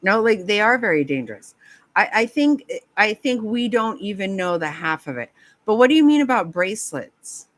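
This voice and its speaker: A woman's voice: medium pitch, sing-song, normal speed, no echo. A woman chatting casually with viewers on a live stream, laughing often, swearing and rambling in a flustered way.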